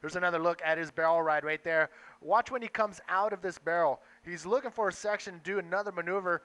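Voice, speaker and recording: Bright, excitable male sports commentator. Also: high-pitched, no room sound. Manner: excitable, quick bursts over action. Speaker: play-by-play commentator.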